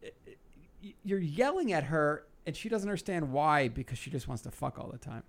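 A man's voice: fairly high pitch, very animated, brisk. A man hosting a podcast, teasing his guests and swearing freely in casual chat. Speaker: podcast host.

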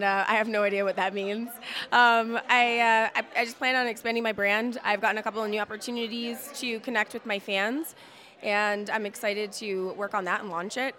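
A woman's voice: mid-range voice, pushed and bright. A woman being interviewed as a guest, upbeat and bubbly, laughing between her answers. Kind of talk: casual interview chat.

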